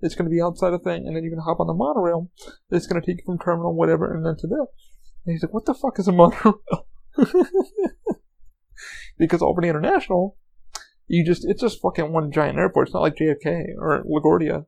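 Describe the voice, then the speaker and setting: A man's voice: a little high, steady tone, fast talker, gravelly, a little mellow, low-quality recording. A man hosting his own podcast, rambling through a casual story with lots of swearing, fillers and restarts. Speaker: podcast host. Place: lives in Orlando, Florida.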